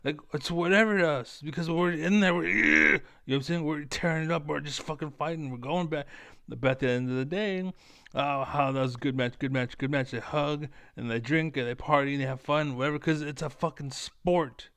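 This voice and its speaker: A man's voice: a little high, a little fast, vocal fry, a bit bright, dry recording. A man streaming, ranting in a profane, heated and blunt way as a former competitive gamer. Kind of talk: ranting livestream monologue.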